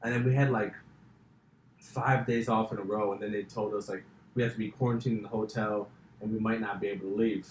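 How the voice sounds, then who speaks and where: A man's voice: lowish voice, steady tone, brisk, a little hiss or hum. A man hosting a podcast, telling a story in casual chat, full of "like" fillers. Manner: storytelling, filler-heavy, says like a lot. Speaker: podcast host. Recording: roomy echo.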